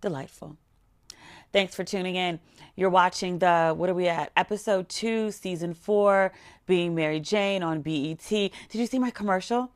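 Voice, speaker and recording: A woman's voice: on the low side, normal speed. A woman vlogger giving a blunt, sassy, comedic recap of a TV episode, often mimicking people's reactions. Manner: sassy, blunt, animated with mock quotes.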